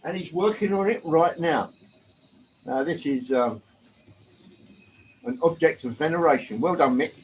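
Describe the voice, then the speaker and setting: An English man with a slight London lilt hosts a relaxed live stream, talking in a somewhat higher register. He chats easily, greets viewers one by one, and drops the odd mild swear word with a laugh. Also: a little slow, long pauses, a little hiss or hum, poor audio. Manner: chatty, greets viewers by name, swears lightly, laughs often. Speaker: livestream host. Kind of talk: casual live-stream chat.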